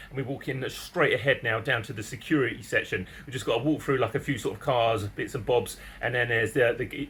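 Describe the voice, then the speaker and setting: Excitable man telling a story. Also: medium pitch, slight background noise. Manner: excitable, chatty, peppered with mild swearing and chuckles. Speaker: vlogger. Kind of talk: animated storytelling to camera.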